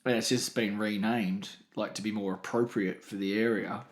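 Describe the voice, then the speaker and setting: A man co-hosting a comedy podcast, full of deadpan asides. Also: fairly low pitch, moderate pace, roomy sound. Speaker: podcast co-host. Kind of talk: comedic banter.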